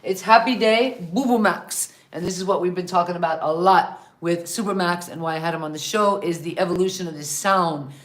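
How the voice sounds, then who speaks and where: A woman's voice: lowish voice, steady tone, fast talker, hardly any pauses. A woman hosting an interview in casual chat, asking long, rambling questions. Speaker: interview host.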